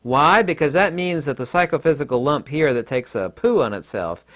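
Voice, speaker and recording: Blunt middle-aged man, lively pitch. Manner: blunt and combative, with mocking asides. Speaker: online commentator. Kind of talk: opinionated monologue.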